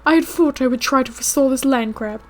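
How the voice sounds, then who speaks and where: A woman's voice: high voice, fairly quick, close to an everyday voice. A woman reading the lines of an eccentric older male inventor in her own voice. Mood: cheerful.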